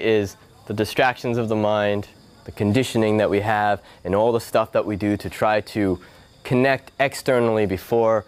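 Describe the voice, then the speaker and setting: A man giving a spiritual talk, telling a personal story and acting out his family's voices. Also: medium pitch. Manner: animated, acts out family voices. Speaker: spiritual speaker. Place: yoga hall.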